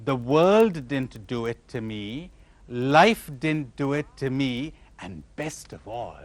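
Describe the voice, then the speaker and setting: A man giving a spiritual lecture to a live audience, animated and questioning his listeners, acting out imagined replies. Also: on the high side, unhurried, dry recording. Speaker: spiritual teacher.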